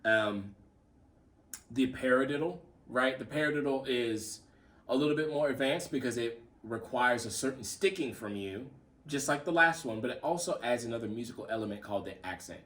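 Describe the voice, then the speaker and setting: A man's voice: medium pitch, moderate pace. Man teaching drums from a distance. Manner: relaxed, repeats himself, counts stickings aloud. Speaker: drum teacher. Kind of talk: casual spoken lesson with demonstrations.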